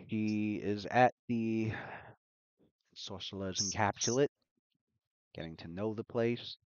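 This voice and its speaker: A man narrating as game master of a tabletop game on a livestream, talking in a halting way with frequent restarts. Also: fairly low pitch, a little mellow, no room sound, lo-fi sound. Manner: halting, full of fillers and restarts.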